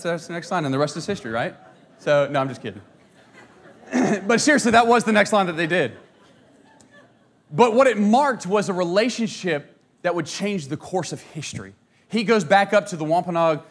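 Man, slightly high voice, casual history storytelling, animated, conversational asides.

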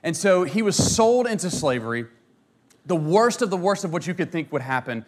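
A man telling a history story in a casual, animated way, with fillers, asides and a joke now and then. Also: a little high, normal speed. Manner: animated, conversational, jokes and asides.

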